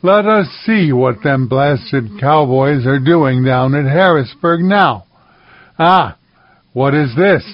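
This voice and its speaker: Excitable blustering alderman, a man reading him aloud; dry, muffled sound. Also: medium pitch, takes it slowly, no echo. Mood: agitated. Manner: blustering, indignant. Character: excitable ranting male city alderman.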